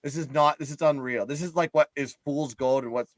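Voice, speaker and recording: A man's voice: fairly high pitch, fairly even intonation, fairly quick, dry recording. A man co-hosting a betting stream, bantering bluntly and crudely with lots of swearing. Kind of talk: casual chat.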